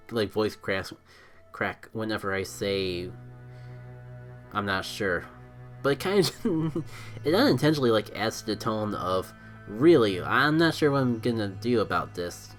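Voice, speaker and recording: A man streaming a mobile game, giving live commentary as he thinks out loud about his moves and is quick to blame himself. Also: fairly low pitch. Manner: excitable, thinks aloud, self-critical.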